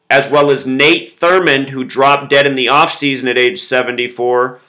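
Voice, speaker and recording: A man's voice: mid-range voice, bright, forceful tone, poor audio. A man hosting a solo video monologue, talking in an insistent way as he explains number patterns. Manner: insistent, explains with numbers, quotes song lyrics. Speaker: conspiracy video host.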